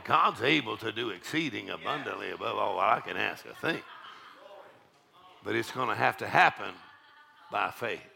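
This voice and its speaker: A man preaching in a church service, his voice gravelly and piercingly bright. He rises into fiery shouted exhortation and drops into folksy storytelling, with his pitch leaping and falling widely. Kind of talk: sermon.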